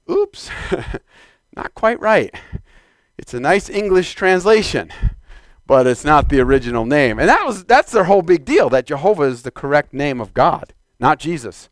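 Animated preacher man, high lively voice. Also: no echo. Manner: animated, swings from quiet teaching to loud exclamation. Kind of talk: sermon.

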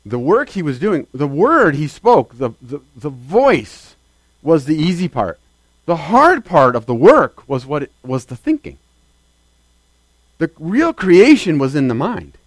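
A man delivers a sermon in a loose, conversational way, tossing rhetorical questions to the congregation. His voice sits a little higher than most men's, and it lifts sharply when he stresses a point. The sound is dry and close, with little room echo. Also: very animated, a little slow. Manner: conversational preaching with rhetorical questions and sudden emphatic rises. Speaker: preacher.

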